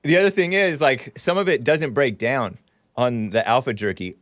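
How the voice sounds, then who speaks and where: A man's voice: medium pitch, normal speed, fairly bright tone, no room sound, clean studio sound. Chatty man talking with his mouth full. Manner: chatty, laughs often, talks while chewing. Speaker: podcast host. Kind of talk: casual chat.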